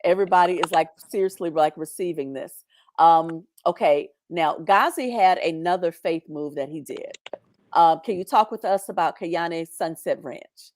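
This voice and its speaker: Low-voiced woman hosting an online interview. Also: normal speed, darkish tone, slight background noise. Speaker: host. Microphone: video call.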